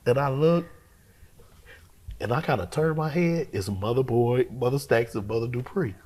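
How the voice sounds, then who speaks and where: A man with a husky, slightly breathy voice and a middling pitch, speaking as a pastor. He tells his story in an expressive, colloquial way, often voicing his own thoughts aloud. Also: moderate pace. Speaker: pastor, guest. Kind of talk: storytelling testimony in an interview.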